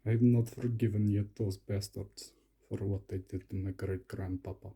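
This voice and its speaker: Dark-voiced joking male unboxer. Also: on the low side, steady tone, moderate pace, husky. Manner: playful, slips into a mock Russian persona. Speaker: vlogger unboxing lock picks. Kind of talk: comic unboxing commentary.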